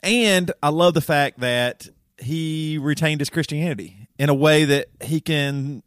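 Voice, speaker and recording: A man's voice: on the high side, measured pace, a bit bright, no room sound, clean studio sound. Rambling Southern man on a podcast. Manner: rambling, self-correcting, laughs often. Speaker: podcast co-host. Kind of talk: casual chat.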